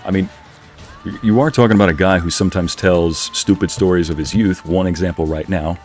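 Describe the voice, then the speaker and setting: A man's voice: sits low, steady tone, a little fast, a little mellow, faint music behind. A man streaming a game, telling a long rambling story with frequent laughs while muttering at the game. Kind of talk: casual chat while playing a game.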